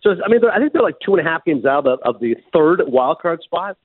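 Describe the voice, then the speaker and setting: Animated, fast-talking sports radio man. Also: on the high side, no room sound. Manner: animated storyteller, laughs often. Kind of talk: casual sports talk. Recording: muffled phone-like broadcast sound.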